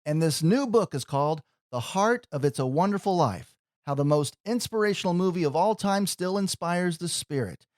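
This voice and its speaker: Earnest radio host, dry sound. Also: male voice, high-pitched, expressive, moderate pace, no echo. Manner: warm-hearted, earnest, emotional. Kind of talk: radio interview.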